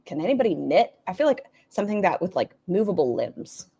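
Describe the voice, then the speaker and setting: A woman's voice: lowish voice, sing-song, fairly quick, vocal fry, warm tone, slightly rough. A woman hosting a reaction video, making sarcastic, profane asides. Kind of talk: casual commentary.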